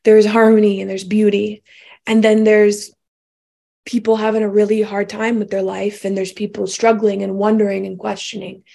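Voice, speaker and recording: A woman's voice: medium pitch, flat delivery, moderate pace, vocal fry, mellow. A woman giving a reflective spiritual talk, musing aloud with many restarts and asides. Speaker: spiritual speaker.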